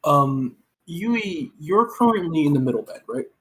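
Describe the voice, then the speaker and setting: A woman serving as game master for a tabletop game narrates casually, filling her speech with lots of "um" and "like." Her voice sits low but swings widely in pitch, her pace is measured, and the recording is rough.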